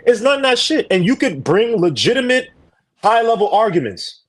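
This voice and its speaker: Higher-voiced man pitching his point animatedly. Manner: animated, persuasive, quick to jump in. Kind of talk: casual podcast chat.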